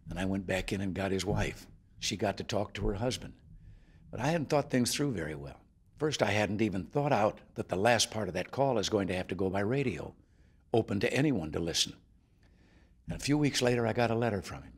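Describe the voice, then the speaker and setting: A man's voice: on the low side, expressive, a little fast, husky. A man in his seventies, a president, giving an after-lunch speech to guests in a formal dining room, telling a folksy story with chuckles. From United States. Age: 70s.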